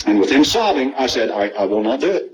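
A man's voice: mid-range voice, sing-song, brisk, slight background noise, low-quality recording. A middle-aged man, preaching a sermon, reading scripture with emphasis and asking the congregation rhetorical questions.

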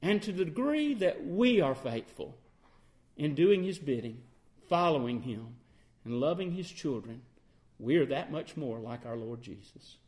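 A man preaching a sermon, reading old-style scripture in a measured cadence and swinging between emphatic declarations and low, slow passages. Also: sing-song, a little mellow.

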